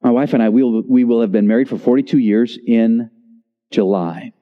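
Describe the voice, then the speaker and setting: A man in his sixties preaching a sermon in a church, with dramatic pauses and voice dropping low on key words. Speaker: pastor. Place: church sanctuary. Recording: reverberant church hall, slightly dull.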